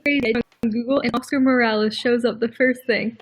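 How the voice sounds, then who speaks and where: A young woman chatting casually on a livestream with a friend, giggling and reading name definitions aloud in an animated way. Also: fairly high pitch, fast talker, slight background noise.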